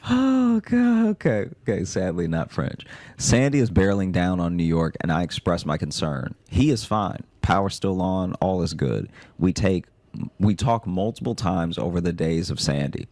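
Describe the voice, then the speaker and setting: Deep-voiced man reading a story wryly. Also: moderate pace, darkish tone, dry recording. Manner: dry, wry storytelling. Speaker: comedy podcast host. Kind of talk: reading a listener's story aloud.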